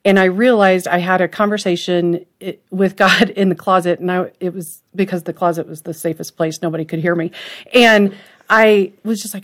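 A woman's voice: on the low side, steady tone, moderate pace. Earnest woman telling a heartfelt faith story. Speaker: podcast co-host and author, guest. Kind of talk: candid faith conversation.

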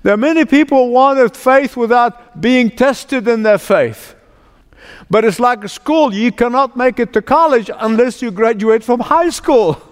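A male pastor preaching a sermon with emphatic repetition, shifting from slow, drawn-out phrases to quick runs. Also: very high voice. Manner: emphatic, repeats phrases for stress; shifts between slow, drawn-out and rushed delivery. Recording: long reverb from a large hall.

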